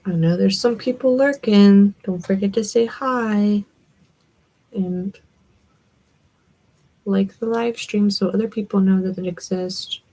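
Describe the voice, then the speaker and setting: A woman's voice: medium pitch, slow, long pauses, warm tone, rough recording. A young woman with a Southern accent hosting a livestream, chatting in a rambling way and answering comments from her viewers. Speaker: livestream host. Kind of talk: casual chat with viewers.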